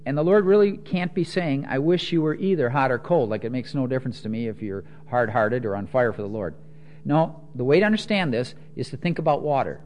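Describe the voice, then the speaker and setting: A man preaching a teaching sermon, explaining scripture with everyday examples and moving between soft asides and emphatic quotes. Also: a little high.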